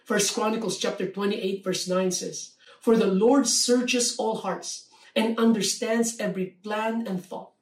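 A preacher giving a measured sermon, slowing down to read scripture verses aloud. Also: medium pitch, steady tone. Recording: roomy echo, mic at a distance.

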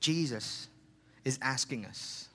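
A man's voice: animated, takes it slowly, breathy edge. A man from the Philippines with a Filipino accent, preaching a sermon in a conversational way. He often adds "okay?" and "you know" and repeats words for emphasis. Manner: drops quieter and lower when reading scripture. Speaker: pastor.

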